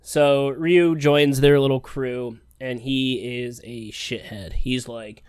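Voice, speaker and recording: A man co-hosting a podcast, recapping episodes in loose, profane casual chat with quick quoted asides. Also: mid-range voice, steady tone, darkish tone, clean tone, no echo, clean studio sound. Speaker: podcast co-host. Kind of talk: casual anime review chat.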